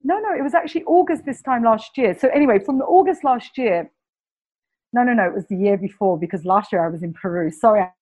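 A woman with a Cockney English accent, speaking as a guest healer in an enthusiastic, animated spiritual conversation. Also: a little high, fast, low-quality recording. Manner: animated, enthusiastic storyteller, repeats words.

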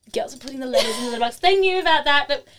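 A middle-aged Australian woman telling a story in casual chat, animated and chatty, laughing often and acting out what people said. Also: sits high, rapid-fire. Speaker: interview guest.

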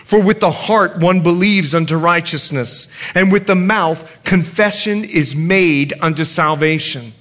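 A male pastor preaching a sermon, telling stories with animated swings from shouting to quiet. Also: fairly high pitch, measured pace, hardly any pauses.

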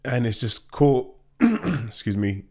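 A man in casual conversation about films, playful and quick to joke. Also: medium pitch, sing-song, warm tone. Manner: joking, playful banter. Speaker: podcast co-host. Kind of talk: casual film review chat.

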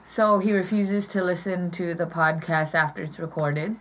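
A woman's voice: fairly low pitch, moderate pace, a little hiss or hum, poor audio. A woman co-hosting a casual podcast with friends, bubbly and playful. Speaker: podcast co-host. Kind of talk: casual chat.

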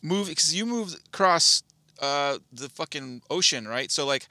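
A man's voice: fairly high pitch, lively intonation, unhurried, sharp tone, dry recording. A man on a podcast casually asking blunt, curious questions. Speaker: podcast co-host. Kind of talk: casual chat.

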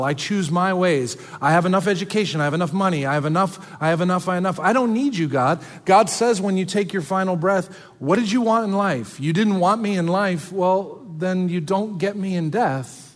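Guy preaching, earnest and dramatic, goes quiet for effect, kinda high voice, big echoey church hall. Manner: earnest, dramatic preaching with sudden soft drops. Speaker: pastor. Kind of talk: sermon.

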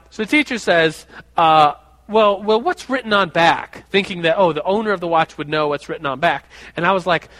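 A man preaching a sermon, telling a personal story in a lively, animated way and acting out the voices of the people in it. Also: high-pitched, moderate pace. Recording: long hall reverb.

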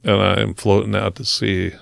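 A man with a low, gravelly voice tells his own story as a guest in a conversation. He speaks earnestly and slows down to stress key moments. The sound is dry and close, with no room echo. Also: level tone, a bit bright. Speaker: podcast guest, motivational speaker.

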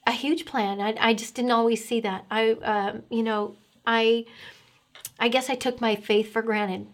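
A middle-aged woman earnestly telling her personal faith story, emotional and pausing often with fillers. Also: fairly high pitch, fairly even intonation. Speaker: guest sharing testimony.

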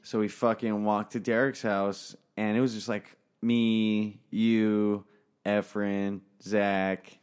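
A man's voice: fairly low pitch, level tone, slow, a little mellow, smooth. A young man, a podcast co-host, telling stories in casual chat, rambling, swearing often and laughing as he goes.

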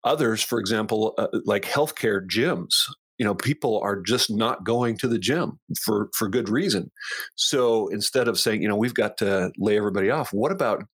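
Middle-aged man, coach and podcast co-host; low-ish, dry close sound; chatty, stumbling restarts. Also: animated, husky, no room sound. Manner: halting, many restarts, explanatory. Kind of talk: casual conversational podcast.

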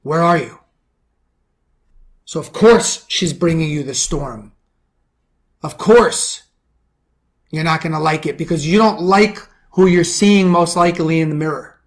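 A middle-aged man from the Bronx with a New York accent, hosting a podcast as a men's coach in a forceful motivational monologue full of rhetorical questions. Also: a little slow. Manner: forceful preaching, rhetorical questions, drops to low intense tones.

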